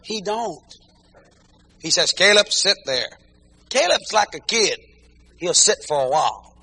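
A male preacher with a high, bright, gravelly voice tells comic stories from the pulpit. He is animated and keeps breaking into shouted exclamations and bursts of praise. His tone has a sharp, lively edge. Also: unhurried. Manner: peppers talk with praise interjections. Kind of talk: comic storytelling sermon.

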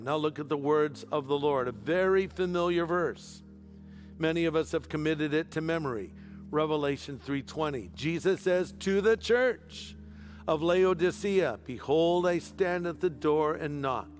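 A man preaching a sermon as pastor, emphatic and explaining scripture, with wry humorous asides. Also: high-pitched. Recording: long reverb of a large hall.

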